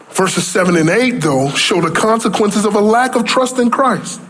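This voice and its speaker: A man with a notably high voice preaches a sermon as pastor. He works through scripture with rhetorical questions and climbs in intensity as he presses his points. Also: animated, moderate pace, few pauses, fairly bright tone, a little hiss or hum.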